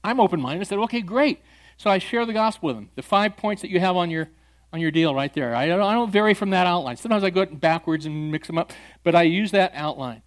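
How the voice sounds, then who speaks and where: A man, a pastor, teaching evangelism by telling a story and acting out the dialogue with lively energy. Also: sits high, quick pace. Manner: animated storyteller who acts out dialogue. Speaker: pastor training church members in evangelism.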